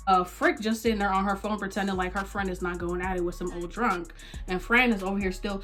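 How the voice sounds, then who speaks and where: A young woman casually telling a story to her vlog audience, animated, acting out the people in it. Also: mid-range voice, a little fast, faint music behind. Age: young adult. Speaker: vlogger.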